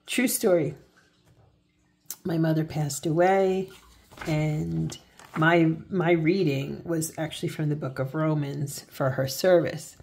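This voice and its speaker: A woman's voice: low voice, steady tone, slow, gravelly, a little mellow. A woman vlogging about crafts and faith in a casual, earnest way, often restarting and correcting herself as she talks. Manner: heartfelt and earnest when speaking about faith. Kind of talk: casual crafting tutorial chat.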